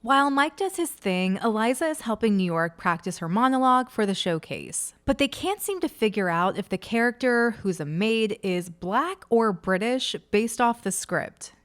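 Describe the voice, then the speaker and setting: Young woman, slightly high voice, dry and sardonic recap host. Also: lively intonation, moderate pace, few pauses, fairly bright tone. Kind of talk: scripted commentary recap.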